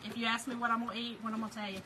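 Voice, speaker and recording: A woman's voice: on the high side, level tone, rapid-fire, noisy background. A middle-aged woman, chatting casually and laughing with live viewers while she crafts. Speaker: craft livestream host.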